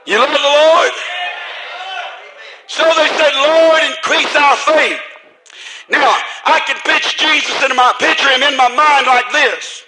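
High-voiced fiery preacher man. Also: unhurried, noisy background. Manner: fiery preaching, shouting, chuckling between lines. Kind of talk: sermon.

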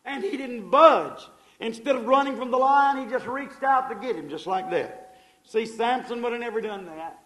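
A man preaching a sermon with a voice pitched very high for a man. He talks to his listeners in a fervent, folksy way and calls them folks. His volume swings from loud, driving passages down to hushed ones. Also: normal speed, low-quality recording. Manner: folksy, addresses the audience as folks.

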